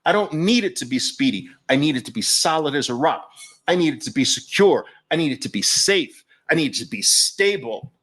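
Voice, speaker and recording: Guy hosting a live audio room, pretty high voice, mocking, hammering the same phrases again and again. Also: sing-song, fairly quick, a bit bright, husky. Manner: emphatic, mocking, repeats phrases for effect. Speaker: host.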